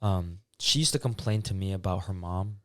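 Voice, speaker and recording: Young male podcast co-host, low-pitched, dry close mic, relaxed rambling chat. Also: normal speed, no room sound. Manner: relaxed, rambling, many fillers. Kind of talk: casual chat.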